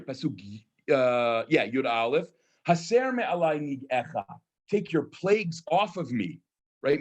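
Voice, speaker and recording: A man leading a text study class. He reads Hebrew verses aloud, translates them and reflects on them thoughtfully, with many ums. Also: a little high. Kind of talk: online text study lecture.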